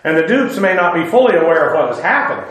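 A man's voice: a little high, big pitch swings, fast, fairly bright tone. A man preaching a conversational Bible-teaching sermon, informal, with filler "uh"s and dry sarcastic asides. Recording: very echoey room.

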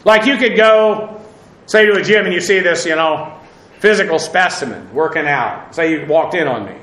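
A man with a high, bright voice leads a verse-by-verse Bible study, unpacking Greek words and spelling them out letter by letter. He talks in a relaxed way, full of fillers, and chuckles at his own jokes. The room has a noticeable echo. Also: normal speed. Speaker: Bible teacher.

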